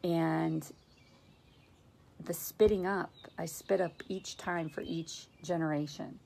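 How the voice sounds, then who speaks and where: A woman's voice: deep voice, fairly even intonation, slow, gravelly, mellow. A woman hosting a faith video, casually teaching about dreams and reading scripture aloud in an earnest, conversational way.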